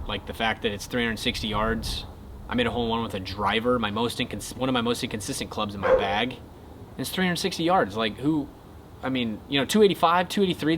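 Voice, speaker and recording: A young man casually telling a golf story to his viewers, excitable and then earnest. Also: medium pitch, background noise. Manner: excitable retelling, quieter and earnest when talking faith. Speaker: golf content creator.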